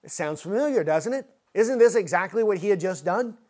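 Earnest male preacher, slightly high voice. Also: lively intonation, fairly quick, a little mellow. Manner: earnest, rhetorical questions, frequent "right?". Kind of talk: expository sermon.

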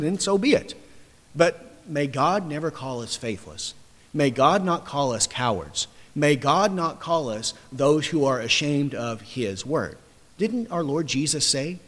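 A man preaching a sermon with forceful, emphatic delivery, building to loud declarations and dropping low again. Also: in a large hall.

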